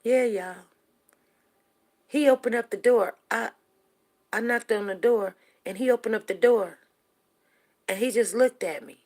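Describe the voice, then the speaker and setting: A middle-aged woman hosting a show, casually telling a personal story to her viewers, animated and repeating herself as she talks to them directly. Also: a little high, measured pace, pauses often. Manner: animated, repeats words, asks listeners "you know what I'm saying".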